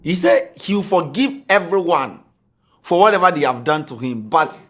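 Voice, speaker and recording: Animated Ghanaian man telling a funny story. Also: a little high, moderate pace. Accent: Ghanaian English with pidgin. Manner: animated, laughing, repeats words for effect. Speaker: podcast host. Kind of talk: comic storytelling chat.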